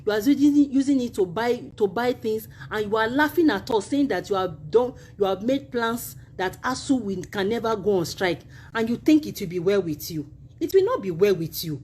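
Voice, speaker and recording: A woman's voice: fairly high pitch, lively intonation, moderate pace, a little mellow, breathy edge. A woman with a Nigerian accent, a university union member making an impassioned video appeal, emphatic and indignant, repeating her points.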